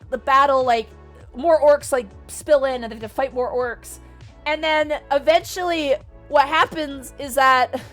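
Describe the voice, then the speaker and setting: A woman's voice: high-pitched, fairly bright tone. A young woman streamer animatedly retelling a book to her chat, swearing often. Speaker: VTuber streamer. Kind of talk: casual livestream book recap.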